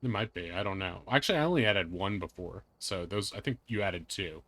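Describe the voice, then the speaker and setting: A man's voice: sits low, a little fast, fairly bright tone, dry recording. A man hosting a live game stream, chatting and joking with friends and viewers. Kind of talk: casual live-stream chat.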